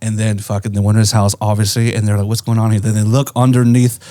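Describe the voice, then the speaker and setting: A man's voice: lowish voice, level tone, quick pace, mellow, no room sound. A man co-hosting a podcast, casually retelling a story in a rambling way with lots of swearing and "right?" tags. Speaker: podcast co-host. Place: indoor podcast studio.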